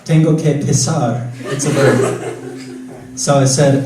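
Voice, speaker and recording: A man on stage telling a wry, slow anecdote between songs while the audience laughs. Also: mid-range voice, fairly even intonation, recorded from a distance, noisy background. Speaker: singer-songwriter. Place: live concert venue. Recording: very echoey venue recording from afar.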